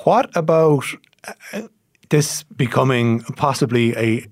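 A man's voice: medium pitch, slow pace, dry recording. Guy hosting a podcast, asks stuff with little hesitations, dry close sound. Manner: conversational, asks questions with small hesitations. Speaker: podcast host. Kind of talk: casual newspaper podcast chat.

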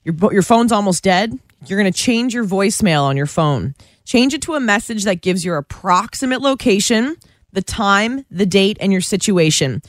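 Woman, radio co-host, lively joking talk, dry sound. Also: medium pitch, normal speed, no echo. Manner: chatty, jokey, lively storytelling. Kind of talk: casual radio chat.

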